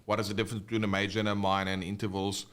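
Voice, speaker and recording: A man's voice: lowish voice, flat delivery, very fast, a bit bright, clean tone. A man teaching an online guitar lesson, explaining in a casual way with fillers and restarts.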